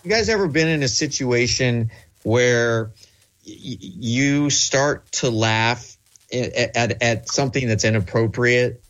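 A man's voice: mid-range voice, takes it slowly, fairly bright tone. Stammering man chatting on sports radio. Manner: stammering, chuckling storyteller. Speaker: sports talk radio co-host. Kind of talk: casual sports talk.

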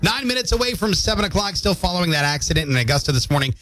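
A man's voice: high-pitched, sing-song, rapid-fire, fairly bright tone. A man hosting a morning radio show in a studio, joking playfully and reading out listener comments and news updates. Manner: playful, jokey, reads listener comments aloud. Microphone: studio microphone.

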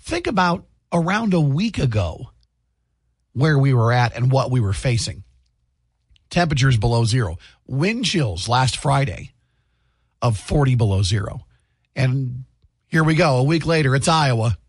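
Radio dj guy, husky, lively up and down, dry studio sound. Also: mid-range voice, a little slow, pauses often, dry recording. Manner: chatty, upbeat, tells home stories. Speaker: morning radio host. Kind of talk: morning radio chat and announcements. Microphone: studio microphone, dry booth.

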